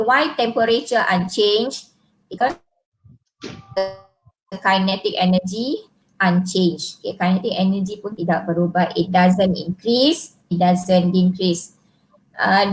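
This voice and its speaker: A woman's voice: medium pitch, measured pace, slight background noise, low-quality recording. A middle-aged woman with a Malaysian accent teaching an online physics class, patiently repeating points and quizzing her students.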